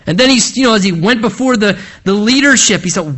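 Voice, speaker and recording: Animated high-voiced male preacher. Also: fairly quick, few pauses. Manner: animated, dramatic retelling with rhetorical questions. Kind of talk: expository sermon.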